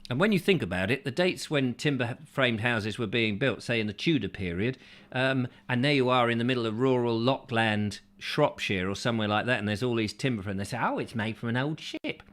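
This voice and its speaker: A man's voice: medium pitch, brisk, fairly bright tone. A man hosting a rambling comic chat show, reading out viewer comments with jokey rhetorical questions and mock-confused asides.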